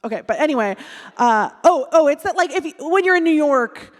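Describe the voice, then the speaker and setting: A woman in her thirties on a live panel, animated and self-mocking, acting out what people say. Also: high voice, brisk. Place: large hall on stage. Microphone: stage microphone. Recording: reverberant hall.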